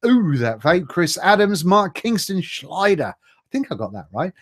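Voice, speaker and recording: A middle-aged man runs a casual live stream, reading out viewers' names and greetings. He is chatty and jokey, trips over tricky names, and his voice sits a little high for a man. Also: sing-song, a little slow.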